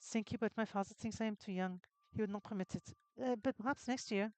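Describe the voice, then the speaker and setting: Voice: medium pitch, no room sound, lightly acted, low-quality recording. A streamer putting on Hildy, an earnest farm girl with a wandering accent. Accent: vague put-on foreign accent. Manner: earnest, simple, slightly halting. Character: young farmer's daughter, cheerful and earnest.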